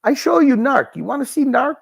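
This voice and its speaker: A man voicing an excited grown man showing off his caged lions, repeating himself in a high sing-song. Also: fairly quick, vocal fry, breathy edge, full character voice.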